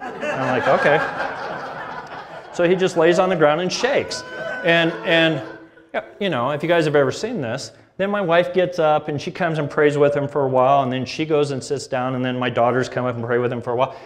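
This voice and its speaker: A man's voice: fairly high pitch, a little fast. A middle-aged man preaching a sermon, telling a family story with laughter and acted-out dialogue. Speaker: pastor.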